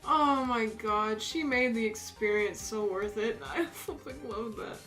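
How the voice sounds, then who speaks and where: Faint music plays behind this young female streamer, whose voice is on the high side and whose pace is measured. While drawing, she relaxes into a humorous story, giggling and animated, with frequent laughter throughout.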